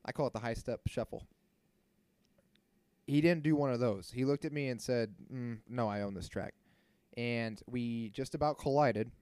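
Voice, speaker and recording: A man in his thirties tells a story on his podcast, worked up and indignant, with a steady middle pitch. He curses freely and keeps the story moving. The recording is dry and close. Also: smooth, no room sound. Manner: animated, indignant, swears freely. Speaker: podcast host. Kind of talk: casual storytelling monologue.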